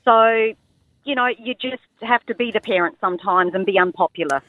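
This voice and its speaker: A woman's voice: mid-range voice, normal speed, dry recording. This is a woman calling in to radio over a tinny phone line. She speaks firmly and gives her opinion plainly. The sound is dry. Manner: firm, opinionated. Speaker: caller. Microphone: telephone.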